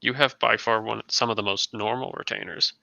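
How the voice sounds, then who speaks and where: A man chatting casually with fellow players about their tabletop campaign, animated and slipping into quick character voices. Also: fairly low pitch, creaky, no echo, dull audio.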